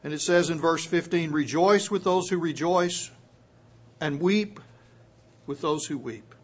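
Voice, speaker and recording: A man preaching a sermon in a fairly high voice. He drops to hushed, almost murmured lines, then climbs to loud, emphatic peaks. He slows right down to press on the words he wants heard. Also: husky.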